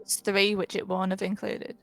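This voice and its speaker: A woman's voice: medium pitch, completely flat delivery, unhurried, vocal fry, fairly bright tone. A woman playing a tabletop game online, matter-of-fact and a little flustered. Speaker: player. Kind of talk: casual game chat.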